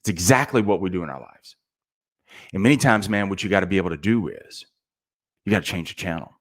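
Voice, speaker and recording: A man's voice: low-pitched, lively intonation, quick pace. Casual preachy man giving motivational talk. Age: middle-aged. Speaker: sales motivational speaker.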